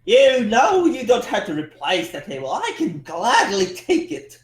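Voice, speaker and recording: A man's voice: high voice, huge pitch swings, measured pace, full character voice. A man voicing an eccentric male mad-scientist doctor, theatrical and grandiose, in tabletop role-play. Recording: echoey room.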